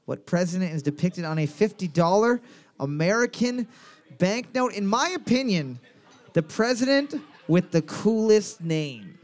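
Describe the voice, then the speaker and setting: A man hosting a casual comedy quiz, playful and quick to laugh, drawing out his questions. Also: sits high, very animated. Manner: playful, drawls questions slowly, laughs often. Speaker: quiz host.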